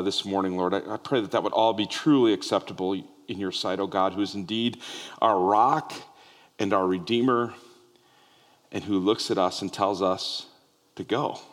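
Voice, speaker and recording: A man's voice: medium pitch, fairly bright tone. An older man preaching a sermon as a pastor, telling a story with restarts and ums. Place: large church sanctuary. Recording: long reverb of a church hall.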